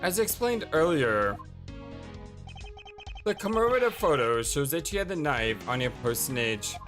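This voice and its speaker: A game streamer reading a composed male prosecutor in a lower, slow, cutting voice. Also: sing-song, a bit bright, soft background music. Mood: cold. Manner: low, deliberate and cutting.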